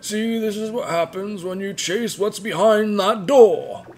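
A man voicing a gruff, stern old village elder in a strained, high old-man voice over faint game music. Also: measured pace, a little mellow.

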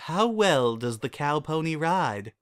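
A man's voice: fairly high pitch, big pitch swings, measured pace, fairly bright tone, smooth, voice pushed up. A man voicing a commanding princess pony who talks in a formal, mischievous, teasing way.

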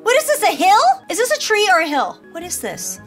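A woman hosting a game channel, excitably commenting on a bird role-play game in first person and gasping often. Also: extremely high pitch, brisk, soft background music. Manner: excitable, frequent gasps, plays a baby bird in first person. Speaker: gaming channel host.

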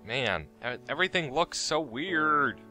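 A man hosts a game let's-play with excitable, animated talk. His voice is bright and bounces around a lot, and he yelps and swears when things attack him. Faint music plays underneath. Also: fairly high pitch, a little slow. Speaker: Minecraft let's-play host. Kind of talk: casual gaming chat.

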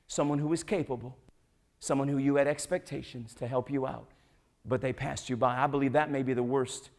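A high-pitched male pastor preaching in a church, his words tripping over repeated starts. He slides from hushed, low passages into slow, forceful climaxes. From United States. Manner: stammering repetitions, swelling to emphatic peaks. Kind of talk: sermon. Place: church sanctuary.

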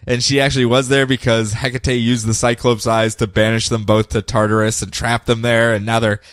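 A man co-hosting a podcast, recapping comics in casual chat, animated and quick to laugh. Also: mid-range voice, dry recording. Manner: animated, laughs often, slips into playful character voices. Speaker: podcast co-host.

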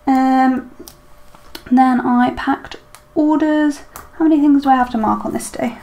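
Talking to herself while she decorates a planner, a vlogger keeps up easygoing plan-with-me chatter peppered with ums and little questions. Her voice is high-pitched and dark in tone, steady, and measured in pace.

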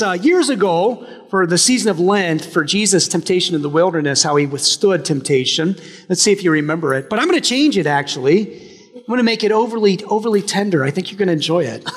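A male pastor giving a sermon in a relaxed, joking way, often restarting his phrases. His voice sits high for a man. The church adds a long, trailing reverb. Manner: conversational and humorous, with frequent restarts. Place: church sanctuary.

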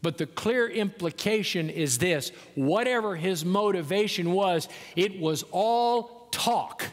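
High-voiced preacher in a reverberant sanctuary. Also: male voice, lively intonation. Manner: storytelling preacher, swings from soft and slow to emphatic. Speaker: pastor. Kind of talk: sermon. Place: large church sanctuary. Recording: church sanctuary with long reverb.

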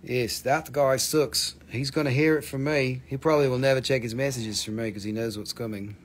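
A man with a steady, medium-pitched voice talks a little fast while hosting a live stream selling minerals. He's casual and swears a lot, going off on rants before turning to jokes.

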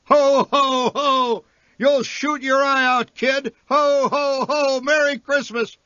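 A man voicing a big, jolly department-store Santa with a booming, hearty laugh. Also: steady tone, slow pace, pushed and bright, no room sound, highs cut off, heavily acted.

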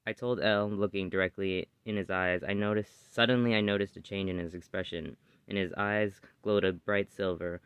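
A man with a low, smooth, clear voice reads an original story aloud in steady first-person narration. The recording is dry and sounds slightly dull, as if lo-fi. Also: brisk, no echo. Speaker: story reader.

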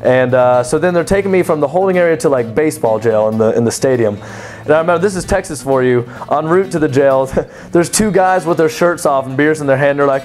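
A young man casually telling a personal story, animated and chatty, full of "like" and laughing at himself. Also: on the high side, fast. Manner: animated, chatty, many "like" fillers, laughs at his own story.

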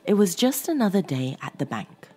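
A woman narrating a horror story in a slow, dramatic storytelling manner as host of her own show. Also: on the low side, big pitch swings, warm tone, breathy edge. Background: faint music.

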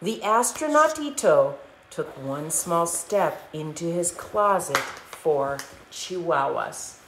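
A woman's voice: fairly low pitch, animated, slow pace. A woman hosting a live storytime, reading a children's picture book aloud playfully and stopping to explain words for the kids. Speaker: storytime host. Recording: echoey room, faint noise.

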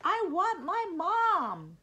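A woman voicing a frightened little boy in a storybook, high and panicky. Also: wildly swooping pitch, extremely slow, bright, forceful tone, muffled recording, slight background noise, heavily acted.

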